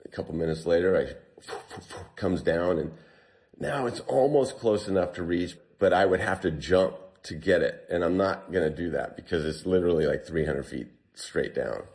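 A man telling a long survival story in an interview, retelling what people said in lively bursts. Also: sits low, moderate pace, gravelly. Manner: animated retelling, quotes himself and others.

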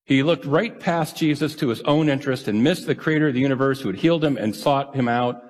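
Husky pastor preaching in a reverberant hall. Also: male voice, mid-range voice, a little fast. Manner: earnest, conversational, self-deprecating. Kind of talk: sermon.

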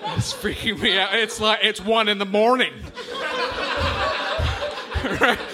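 A man's voice: sits high, steady tone, slow pace, over loud music. A male stand-up comedian doing giggly, self-interrupting crowd work on a club stage. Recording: noisy live club recording. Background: audience laughter.

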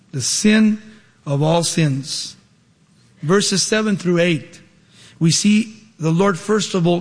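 A man delivers a lively sermon in a high voice. He acts out the people in his story, climbing in pitch when they speak. The sound carries a long reverb from a large hall. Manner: animated, acts out dialogue with rising pitch. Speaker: preacher.

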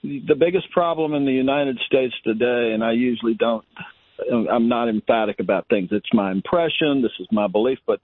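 A man's voice: medium pitch, normal speed, dry recording. An older male caller from Virginia, giving his opinions in an emphatic, rambling way. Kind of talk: call-in radio opinion. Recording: dry phone line.

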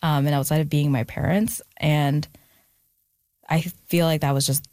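A woman's voice: deep voice, fairly even intonation, unhurried, dark tone, no echo. A young adult woman, an author being interviewed, talking reflectively with frequent fillers and restarts. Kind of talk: candid conversational interview.

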